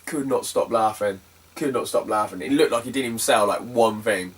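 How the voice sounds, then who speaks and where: A man's voice: fairly low pitch, brisk, recorded from a distance. A man telling a story casually to camera, chatty and sweary with lots of fillers. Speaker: retro game collector vlogger.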